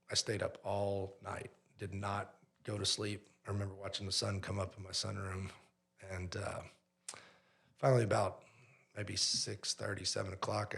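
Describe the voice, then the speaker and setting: A man who owns a pizzeria, a guest on a podcast, telling a story in an animated way and acting out the dialogue. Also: fairly low pitch, vocal fry.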